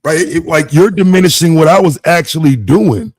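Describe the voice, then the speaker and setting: A man's voice: a little high, lively intonation, normal speed, a little mellow, no echo. A man on a casual livestream panel, blunt and argumentative as he defends his point.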